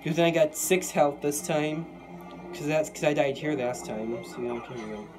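A young man giving live gameplay commentary, excitable and quick to vent frustration at the game. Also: fairly high pitch. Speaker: gaming YouTuber. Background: game music.

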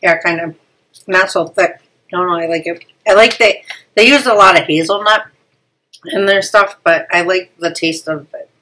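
Bright-voiced woman chatting about snacks. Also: lowish voice, moderate pace, rough recording. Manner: chatty, laughs often, stumbles over foreign names. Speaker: family channel host. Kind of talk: casual snack unboxing chat.

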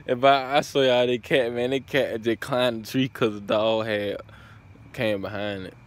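A man's voice: medium pitch, fairly even intonation, measured pace. A man vlogging casually, laid-back and full of slang, often stumbling over words and chuckling at himself. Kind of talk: casual vlog.

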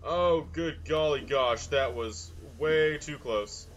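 A man's voice: fairly high pitch, takes it slowly, fairly bright tone, muffled recording. A young man casually commenting on his gameplay in a goofy way, full of silly mild exclamations. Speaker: gameplay video host. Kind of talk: casual let's-play commentary.

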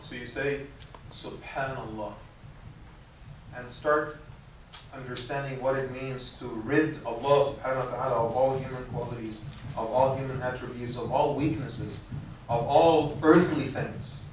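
Imam lecturing from far in an echoey room. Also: male voice, medium pitch, slight background noise. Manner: conversational, restarts and repeats words. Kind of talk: lecture with audience questions.

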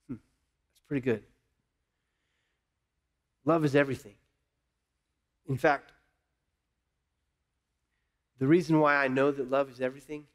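A man's voice: mid-range voice, fairly bright tone. A male pastor preaching a sermon, candid and impassioned, often repeating words as he builds.

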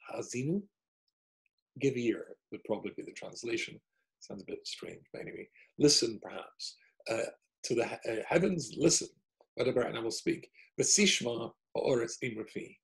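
A man's voice: mid-range voice, vocal fry, rough recording. A man, a rabbi, giving a chatty online Torah lesson over a video call, thinking aloud as he works through the text on a shared screen. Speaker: rabbi teaching a weekly Torah class.

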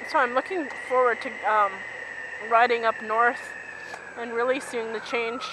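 A woman's voice: a little high, steady tone, normal speed. A middle-aged woman vlogging casually while out on a bike ride, rambling and chatty, laughing easily. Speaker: vlogger riding a motorcycle. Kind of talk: casual chat while riding. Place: outdoors on a bike. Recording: loud road and wind noise.

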